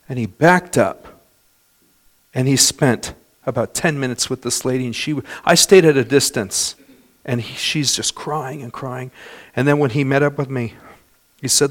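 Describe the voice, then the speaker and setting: A man preaching a sermon as pastor, swinging between loud, fast passages and soft, slow ones, and telling stories in others' voices. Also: medium pitch. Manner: dynamic preaching with wide swings in loudness and pace; storytelling with imitated voices of others.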